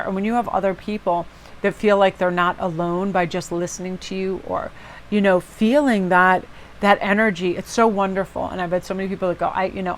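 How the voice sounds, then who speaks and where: A woman's voice: on the low side, slight background noise. A woman giving a casual tarot reading to viewers, chatty and rambling, with personal asides and many "you know"s. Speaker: tarot reader.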